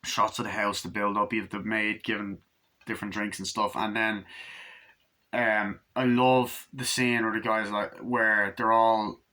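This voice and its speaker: With a lowish voice, a level and sharp tone, and a measured pace, this man delivers an off-the-cuff movie review. He drifts from point to point, praising the film effusively and swearing heavily.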